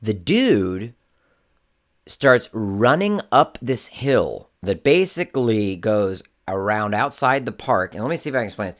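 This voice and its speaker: A man, an indie filmmaker, telling a story to camera in a casual, animated way. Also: lowish voice, unhurried. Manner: animated, acts out the people in his story.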